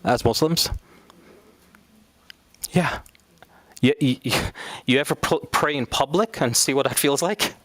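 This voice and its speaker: A man's voice: medium pitch, takes it slowly, pauses often, a bit bright, dry recording. A man teaching an Islamic studies class in a casual, conversational way, now and then acting out quoted speakers.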